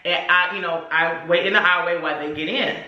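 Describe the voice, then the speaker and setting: A young adult woman vlogger telling a story casually, in animated, slangy, profane speech. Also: lowish voice, quick pace, muffled recording. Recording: echoey room.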